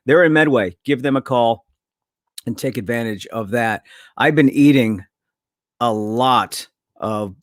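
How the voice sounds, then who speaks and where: Chatty New host reading plugs. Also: male voice, medium pitch, no echo, clean studio sound. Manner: chatty, loose ad-reads with self-corrections. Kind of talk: casual talk show.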